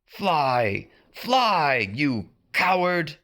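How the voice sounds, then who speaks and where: A man's voice: fairly high pitch, very animated, extremely slow, a bit bright, pitched above the performer's own voice, exaggerated voice. A man voicing a snarling, villainous pirate captain who bellows his threats. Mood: menacing. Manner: bellowing, menacing.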